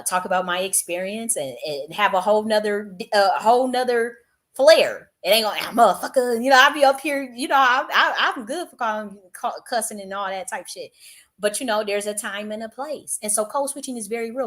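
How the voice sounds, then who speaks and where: A woman's voice: medium pitch, fairly bright tone. An American woman giving casual political commentary on her channel, blunt and profane, with many restarts and fillers. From United States. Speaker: YouTube commentator.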